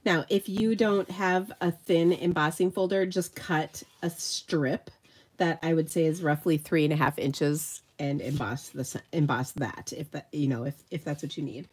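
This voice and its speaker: A woman's voice: deep voice, fairly even intonation, normal speed, breathy edge. A middle-aged woman hosting a live card-making tutorial, chatty and self-deprecating as she thinks aloud while she works, her voice slightly nasal. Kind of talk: live crafting demonstration.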